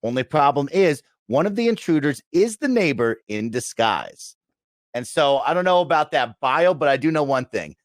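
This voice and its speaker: A man's voice: a little high, big pitch swings, normal speed, no echo. A man hosting a casual gaming podcast, upbeat and talking in long, run-on stretches. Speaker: podcast host.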